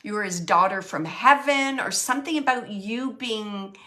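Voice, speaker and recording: A woman giving a live mediumship reading, relaying messages in a halting, emotional way and often searching for words. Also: medium pitch, pushed and bright. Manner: emotional, close to tears at times.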